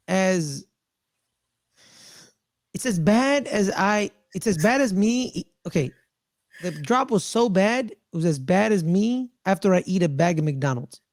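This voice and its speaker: A man co-hosting a casual sports podcast, talking excitedly and repeating phrases for emphasis. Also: high voice, a little slow, long pauses, no room sound, studio quality. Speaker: podcast co-host.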